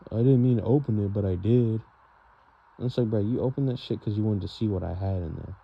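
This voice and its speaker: A young man vents in a rambling, frustrated monologue, leaning on fillers and "bro". His voice sits low with a gravelly, creaky edge. The recording is dull and lo-fi, with faint hiss underneath. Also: fast talker. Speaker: vlogger. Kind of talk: venting monologue. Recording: dull lo-fi sound with faint noise.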